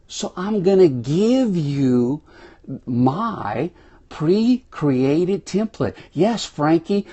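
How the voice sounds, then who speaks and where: This Cajun-accented man from South Louisiana gives a folksy, exuberant motivational talk, livestreamed by phone from a small room. His voice is a little high, with big pitch swings, and he speaks extremely slowly in a warm, breathy tone.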